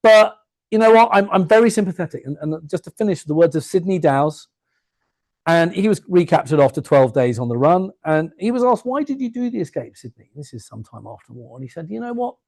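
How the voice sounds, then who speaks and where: Chatty higher-voiced male lecturer. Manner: chatty, jokey asides, quick lively delivery. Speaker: guest speaker giving an evening history talk. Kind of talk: public lecture with anecdotes. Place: museum lecture room before a live audience.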